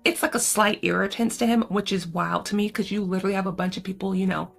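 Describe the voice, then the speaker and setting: A young woman recaps a horror film in a loose, slangy way, full of asides. Her voice sits at a middle pitch and has a gravelly fry to it. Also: steady tone, quick pace, soft background music. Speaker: movie reviewer.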